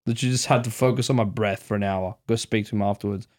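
A man's voice: lowish voice, steady tone, rapid-fire. Swearing young man telling a story. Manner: swears constantly, acts out his own panicked thoughts. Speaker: podcast host. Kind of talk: casual storytelling among mates.

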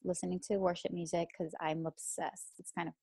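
Chatty woman, lower voice, dry sound. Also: flat delivery, brisk, creaky, mellow, breathy edge, dry recording. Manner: chatty storytelling, heavy use of "like". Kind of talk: casual chat.

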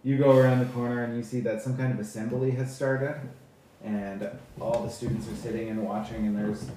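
A man running a tabletop game for his kids as game master, narrating in an unhurried, halting way. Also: medium pitch, steady tone, dark tone, slight background noise. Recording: echoey room from far off.

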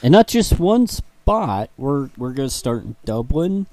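A man co-hosting a podcast in casual chat, unhurried and deadpan, swearing casually. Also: medium pitch, no room sound. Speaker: podcast co-host.

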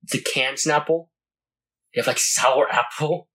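Husky young guy chatting loosely. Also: mid-range voice, fairly even intonation, measured pace, bright, forceful tone, rough recording. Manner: rambling, lots of fillers and laughs. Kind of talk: casual chat.

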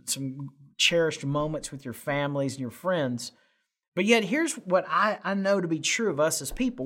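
A man's voice: fairly high pitch, fairly bright tone. A man preaching a sermon, conversational and folksy, with fillers and rising emphasis. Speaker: pastor.

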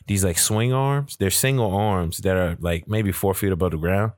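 Man, casual chat, fairly low voice, laid-back storyteller, casual swearing, dry close sound. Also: moderate pace, darkish tone, dry recording.

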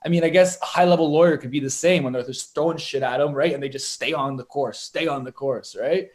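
A man's voice: a little high, quick pace. Rambling, profane young man telling stories. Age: young adult. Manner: rambling, profane storytelling with many fillers. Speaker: guest, boxer and poet. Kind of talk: casual conversation.

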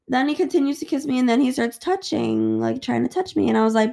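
A woman's voice: fairly high pitch, a little fast, creaky, a little mellow. A woman hosting a podcast who tells a personal story in a candid, rambling, profane way. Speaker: podcast host. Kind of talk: casual storytelling.

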